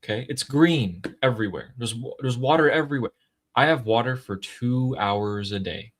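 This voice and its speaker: A man hosts a political commentary show in a mocking, conversational way. He talks straight to his viewers, at an ordinary pitch. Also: normal speed. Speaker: host.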